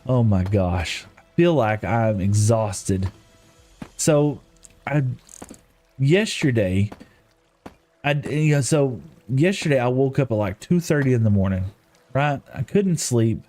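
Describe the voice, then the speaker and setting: A man's voice: mid-range voice, expressive, slow pace, long pauses, a little mellow, soft background music. A middle-aged man chatting casually on a game stream, telling rambling stories with chuckles. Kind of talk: casual live-stream chat while gaming.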